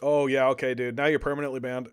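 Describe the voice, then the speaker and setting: A young man doing casual live-stream political commentary, animated, repeating words and arguing with his chat. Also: mid-range voice, quick pace, smooth. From Canada.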